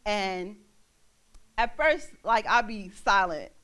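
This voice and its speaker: A young woman ministering in a church, preaching an animated sermon and acting out the voices of the people in her stories. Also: medium pitch, slow. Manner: animated, acts out quoted voices, laughs.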